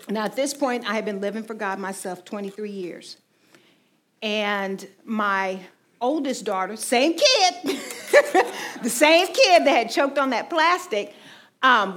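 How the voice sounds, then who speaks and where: A woman in her forties giving a personal faith testimony in a conversational, storytelling way, often saying "you know". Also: on the high side. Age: 40s. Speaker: ministry team speaker.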